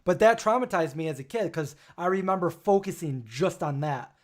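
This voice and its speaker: A man's voice: high voice, animated, moderate pace. Rambling, exclamatory man hosting a chat. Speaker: show host. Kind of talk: casual livestream chat.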